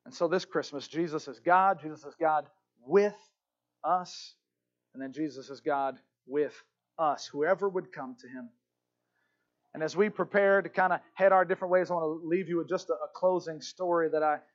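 A male pastor preaching a sermon, telling a story with passion and moving from hushed lines to shouts. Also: on the high side, lo-fi sound.

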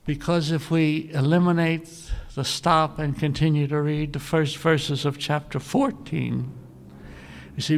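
A male preacher giving a sermon, telling a scripture story earnestly and often clearing his throat. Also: fairly high pitch, unhurried. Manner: earnest storytelling, animated when quoting scripture.

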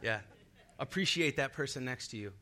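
A man's voice: medium pitch, lively intonation, normal speed, pushed and bright. A young man preaching a sermon in an upbeat way, laughing often and leading the congregation in call-and-response. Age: young adult.

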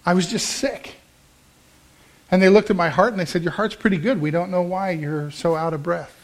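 A man's voice: high voice, normal speed. A middle-aged male pastor preaching a sermon in a conversational, storytelling way, acting out the dialogue he quotes. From American Midwest.

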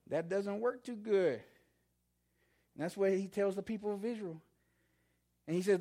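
A man preaching a sermon, impassioned, often repeating words and climbing higher and louder as he quotes God. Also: a little slow, pauses often. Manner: impassioned, repeats words, rising to shouts when quoting God.

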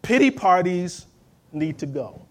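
A man's voice: high-pitched, sing-song, slow. A man preaching a sermon, emphatic and conversational, calling on the congregation to respond and acting out quoted voices. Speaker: pastor.

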